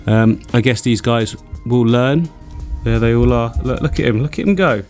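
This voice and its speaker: Man, mid-pitched voice, excited casual vlog chatter, faint music underneath. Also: normal speed. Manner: excitable, chatty, laughs often. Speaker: aquarium hobbyist vlogger.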